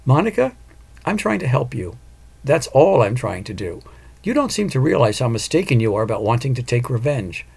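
A man voicing a calm, cunning female psychic who talks patiently and persuasively, in an audiobook. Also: medium pitch, fairly quick, gravelly, slightly rough, exaggerated voice.

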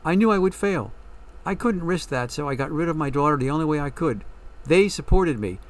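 A man's voice: on the high side, expressive, a little fast, lightly acted. A man reading a story, voicing a troubled young woman who doubts she deserves love, in a hesitant, questioning way.

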